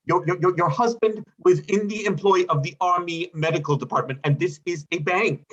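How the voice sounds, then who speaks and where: Man doing a stammering bank chairman, husky voice, flustered and pompous, play reading. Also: sits high, moderate pace, lo-fi sound.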